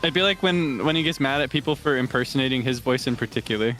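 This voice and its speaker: A male streamer chatting casually during a game stream, giggly and quick to burst into laughing fits. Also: a bit bright, slight background noise. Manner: giggly, breaks into frequent high laughing fits. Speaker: streamer host.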